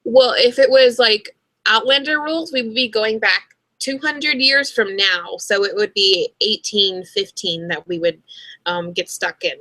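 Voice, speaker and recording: Bright-toned chatty teen girl. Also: medium pitch, measured pace, no room sound, low-quality recording. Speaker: co-host. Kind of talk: casual livestream chat.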